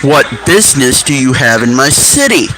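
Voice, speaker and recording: A man's voice: mid-range voice, normal speed, lightly acted, poor audio. A man voicing a suspicious small-town male police officer who curtly repeats his demands, over background music. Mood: stern. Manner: curt, repeats his question flatly.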